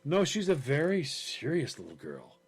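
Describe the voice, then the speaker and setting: Animated storytelling man. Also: fairly high pitch, moderate pace, slightly rough. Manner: animated storyteller, acts out voices. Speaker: podcast co-host. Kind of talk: casual chat, storytelling.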